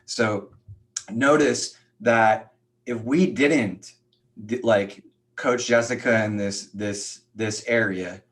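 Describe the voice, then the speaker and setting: A man's voice: on the low side, takes it slowly, fairly bright tone. A man on a live group coaching call who talks casually, fills his speech with "like", and prays aloud. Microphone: video call.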